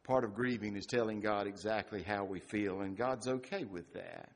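A middle-aged male pastor preaching a sermon, rising to loud emphatic peaks and dropping to quiet, hushed lines. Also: lowish voice, normal speed.

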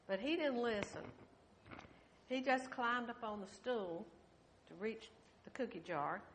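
An older woman giving a children's sermon in a church, telling a story gently and asking the children questions. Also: fairly high pitch, animated, measured pace, slight background noise. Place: church sanctuary.

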